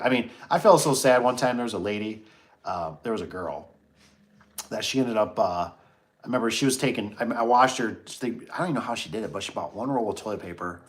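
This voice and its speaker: A man's voice: on the low side, animated, a little fast. A middle-aged man hosting a casual livestream, telling a story and reading chat comments, acting out his own reactions.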